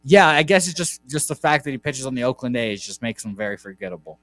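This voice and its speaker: Man, sports betting host, rambling casual chat, reels off stats, mid pitch. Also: expressive, fast talker, a bit bright, no echo.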